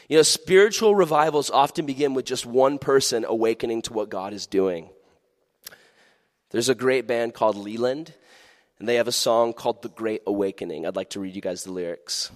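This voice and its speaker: A man preaches a youth sermon from the pulpit, playful and animated, with sudden shifts into soft earnestness. His voice sits in the middle range for a man. A long hall reverb follows every line. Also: mid-range voice, moderate pace. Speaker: pastor.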